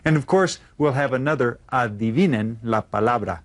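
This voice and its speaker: A man teaching a children's language lesson, modeling phrases slowly and clearly for the class to repeat. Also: medium pitch, animated. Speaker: Spanish teacher.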